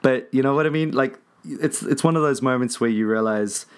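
A man hosts a podcast with a middle-pitched voice. He talks in an easygoing, chatty way and laughs easily between his thoughts. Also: a little fast, smooth. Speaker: podcast host. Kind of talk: casual chat.

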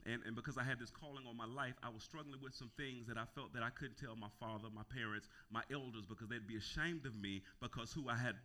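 A male pastor preaching a sermon, calling for responses and repeating phrases as he builds to shouting. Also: medium pitch, quick pace, few pauses. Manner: repeats words and restarts phrases.

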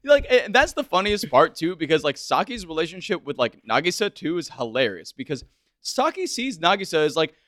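A man's voice: on the high side, fairly quick, no room sound. A man co-hosting a podcast in casual chat, talking loosely with lots of filler words. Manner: lively, heavy use of "like" fillers. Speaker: podcast co-host.

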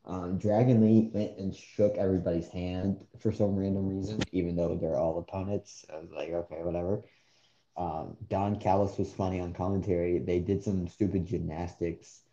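A man with a low, very dark voice co-hosts a casual podcast, blunt and dismissive as he chats. The sound is echoey and dull, like a roomy home setup with a muffled mic. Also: steady tone, normal speed, few pauses. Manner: blunt, dismissive, laughs often. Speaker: co-host.

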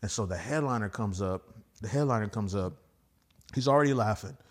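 A man who does stand-up comedy, telling stories as a podcast guest in a loose, profane, slangy way, acting out what others said in lively quoted voices. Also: fairly low pitch, fairly quick. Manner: profane and slangy, peppered with "bro" and "dude". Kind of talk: casual storytelling.

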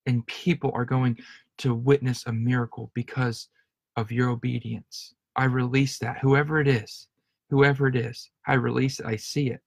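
A man's voice: medium pitch, level tone, normal speed, vocal fry, dry recording. A man preaching a sermon in an earnest, emotional way, often restarting and repeating his words. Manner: earnest, repetitive, stumbling restarts. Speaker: pastor.

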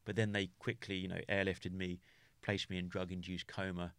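Speaking low and flat, this UK podcast guest shares a painful personal story in a voice that's gravelly yet smooth and slightly bright. He keeps tripping over himself, starting again and filling gaps with "you know." The sound is close and dry, without any echo or room ambience.

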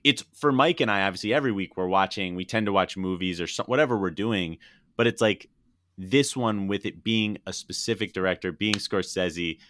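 A man's voice: deep voice, a bit bright, no room sound. A man hosting a podcast, talking in enthusiastic, effusive casual chat. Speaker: podcast host.

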